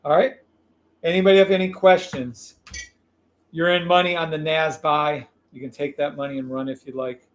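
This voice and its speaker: Brief: male livestream trading host, high voice, excitable and profane, shouts his calls. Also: normal speed. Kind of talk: live trading stream commentary.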